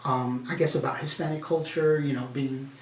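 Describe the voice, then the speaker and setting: A man's voice: medium pitch, moderate pace, slight background noise. Chatty man interviewing in an echoey office. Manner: relaxed, chatty questions. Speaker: interviewer, company head. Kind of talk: casual interview. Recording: echoey room from a distance.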